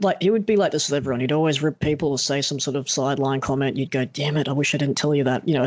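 A man's voice: on the high side, no echo. A young man hosting a casual podcast interview, telling stories animatedly, swearing freely and acting out quoted lines. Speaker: podcast host.

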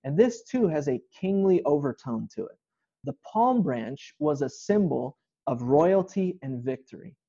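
Man, pastor, informal sermon, mellow slightly high voice, muffled lo-fi audio. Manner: conversational, explaining scripture step by step.

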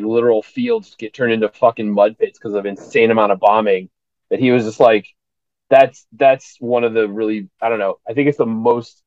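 A man with a mid-pitched voice explains a point in casual chat, hesitating and filling the gaps as he thinks. His mic sounds dry and a little muffled. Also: darkish tone, dry recording. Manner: thoughtful, hesitant, explains with fillers.

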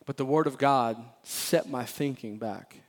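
A man preaching a sermon as pastor of a church, animated and emphatic, often repeating phrases and playfully acting out Bible characters. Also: mid-range voice, measured pace. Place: church sanctuary.

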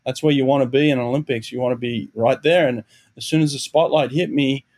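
A man's voice: medium pitch, steady tone, brisk, darkish tone. A middle-aged Australian man, a former Olympic swimmer and coach, talking through his past in an earnest, reflective interview. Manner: earnest, reflective storytelling with repeated restarts. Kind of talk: conversational interview.

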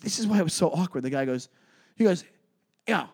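Animated man telling a story on a podcast. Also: fast, creaky, husky. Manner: animated storyteller, jumps high when quoting people. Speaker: podcast co-host and comedian. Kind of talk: casual storytelling chat.

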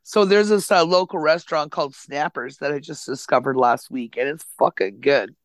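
A man's voice: on the high side, normal speed, no room sound. A man hosting a podcast, chatting casually and enthusiastically and swearing freely as he talks. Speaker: podcast host. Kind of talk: casual chat. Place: Nova Scotia home recording.

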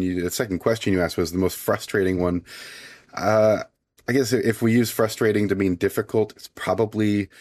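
Male podcast guest, very low voice, husky from a cold, relaxed explainer, dry close sound. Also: no room sound. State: recovering from a cold, sultry voice. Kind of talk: casual conversation.

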